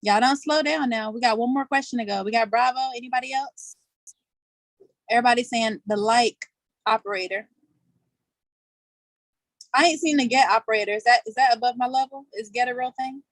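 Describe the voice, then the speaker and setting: This quiz host, running a casual live session online by video call from outside, is chatty and playful, laughing frequently and speaking in colloquial slang. Her voice is a little high and brisk, broken by long pauses, in a dry recording.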